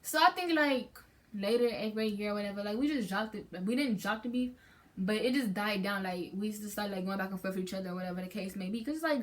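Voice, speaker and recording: A woman's voice: medium pitch, quick pace. Chatty teen girl vlogger, rambling storytime. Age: teens. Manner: chatty, rambling with many fillers and restarts. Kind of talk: casual storytime chat.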